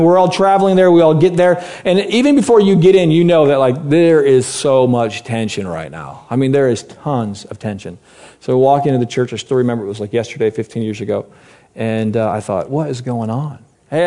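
Sharing a personal story with his congregation, a preacher in his late thirties grows animated, his delivery shifting from loud to hushed. His voice is on the high side.

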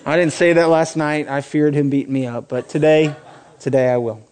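A man in his forties preaching a sermon in a voice pitched high for a man. He delivers it with passion and climbs to emphatic, ringing peaks. He slips easily into joking asides with the congregation. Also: steady tone, normal speed, a little mellow. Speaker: pastor.

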